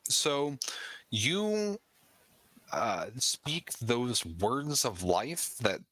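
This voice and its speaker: A man's voice: medium pitch, big pitch swings, extremely slow, a bit bright, dry recording, rough recording. A man running a tabletop game as game master, giving descriptive, dramatic narration.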